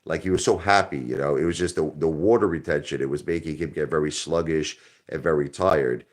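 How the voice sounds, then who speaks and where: A very low-voiced man hosts a live stream, rambling and cracking jokes. He gets loud when he is joking around and goes quiet and somber at other times. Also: brisk. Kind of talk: casual live-stream chat.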